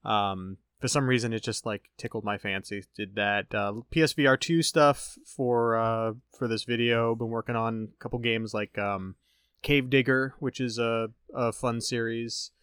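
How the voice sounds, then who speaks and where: Male podcast guest, mid pitch, hesitant and laid-back, dry close recording. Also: fairly even intonation, measured pace, fairly bright tone, clear, resonant tone, no echo. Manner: laid-back, hesitant, many ums and likes. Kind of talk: casual chat.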